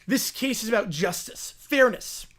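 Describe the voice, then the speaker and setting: A man's voice: high voice, expressive, a little slow, a bit bright. A sleazy, grandiose male cartoon lawyer, read out by a man in a near-everyday voice. He pleads to a jury with pompous mock-drama and puffs up every line.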